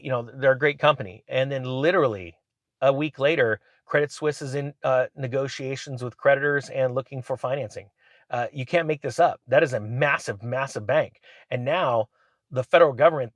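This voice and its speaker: Guy in his truck rambling about markets, lively storyteller, dry sound, no room. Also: medium pitch, no echo. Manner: rambling, animated storytelling with laughs. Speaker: finance YouTuber. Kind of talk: casual vlog monologue. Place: inside a truck.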